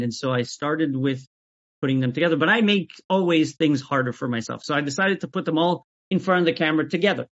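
A man talking as an interview guest about making sketches, even-keeled and often restarting his sentences. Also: fairly high pitch, a little fast, breathy edge. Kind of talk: casual interview chat. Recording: dull lo-fi audio.

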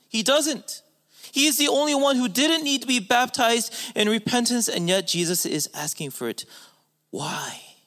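A man's voice: sits high, fairly bright tone. A man preaching a sermon as a pastor, emphatic, with his voice rising and falling for stress.

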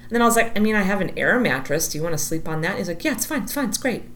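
A woman's voice: medium pitch, very fast. A woman in her thirties chatting casually, telling a story and acting out the quotes with lots of "like". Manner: animated, acts out quotes, says "like" a lot.

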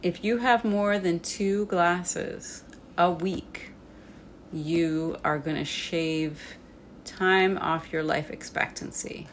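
Woman host, deep-ish voice, lots of ums, slight hiss. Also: steady tone, slow pace. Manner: chatty, with frequent fillers. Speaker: host and English tutor. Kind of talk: casual chat.

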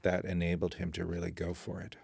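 Brief: deep, gravelly-voiced man, the screenwriter explaining choices, dry close sound. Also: completely flat delivery, a little fast, a little mellow, no room sound. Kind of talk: commentary track chat.

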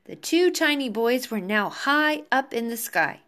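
A woman teacher reading a children's book aloud to her class over a video call, slow and expressive. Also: a little high. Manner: slow, expressive, warm sign-off to pupils.

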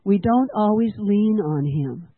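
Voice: mid-range voice, animated, unhurried, no echo. Earnest sermon, preacher asking the congregation questions, tinny phone-like sound, dry. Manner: earnest, asks the congregation questions and has them repeat lines. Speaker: teacher at a church school.

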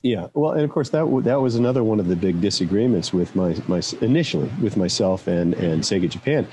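A man's voice: on the low side, expressive, fast talker, warm tone, a little hiss or hum. An older man, a guest in an interview, telling rambling anecdotes and laughing at himself as he goes. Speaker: interview guest, former executive. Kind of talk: casual interview storytelling. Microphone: own microphone, remote.

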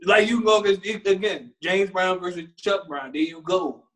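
A man, co-hosting a casual chat, animated and rambling, laughing often. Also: sits high, moderate pace. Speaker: co-host.

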